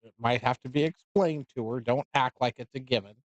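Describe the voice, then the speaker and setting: A man's voice: mid-range voice, a little fast, no echo, lo-fi sound. A man giving casual, dry-humored commentary on a pool match.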